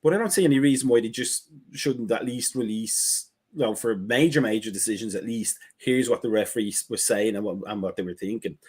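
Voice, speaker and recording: A man co-hosting a casual football chat, talking in a measured, wry way and thinking aloud. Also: lowish voice, a little mellow, slightly rough. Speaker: co-host.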